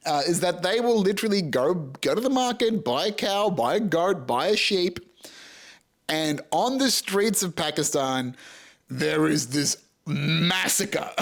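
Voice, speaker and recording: An Australian man in his thirties hosting a podcast, telling a comic story with lots of swearing and laughter. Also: fairly high pitch. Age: 30s. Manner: profane, animated, laughs through his story. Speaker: podcast host.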